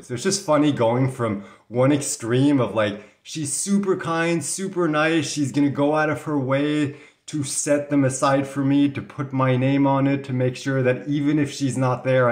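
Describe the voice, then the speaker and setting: A man from Canada telling a story to the camera in a casual, rambling way, sometimes indignant, with an occasional cough. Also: medium pitch. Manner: chatty, rambling, mildly indignant. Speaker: vlogger. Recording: echoey room sound.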